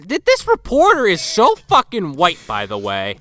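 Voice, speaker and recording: A man co-hosting a casual movie podcast, wry and profane as he riffs on the film. His bright, smooth voice leaps around in pitch. The sound is dry and close. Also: huge pitch swings, moderate pace, no room sound. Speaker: podcast co-host. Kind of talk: casual movie-review chat.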